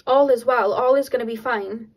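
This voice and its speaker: A woman giving a casual pick-a-card tarot reading to her viewers, excitable and laughing often between many filler words. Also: a little high, normal speed, poor audio.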